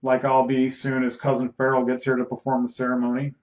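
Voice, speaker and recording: A man's voice: medium pitch, completely flat delivery, a little fast, lightly acted. Male reader doing bossy young belle, echoey room, muffled sound. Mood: teasing.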